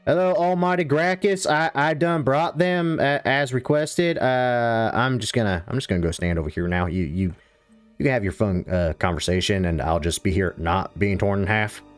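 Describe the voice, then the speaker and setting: A man's voice: lowish voice, normal speed, dry recording, faint music behind, lightly acted. A man voicing a flippant, cowardly male lackey of a crime lord who babbles and stammers in a tabletop game. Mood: nervous.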